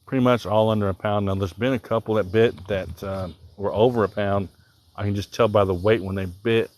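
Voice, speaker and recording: A man with a mild Southern accent talks in a low, easygoing voice and rambles casually while he fishes. He thinks aloud and answers viewers on a live stream outdoors. Crickets chirp faintly in the background. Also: fairly even intonation, fairly quick, a little mellow. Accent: Southern American. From Southern Illinois. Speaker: livestreaming angler. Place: outdoors by the water.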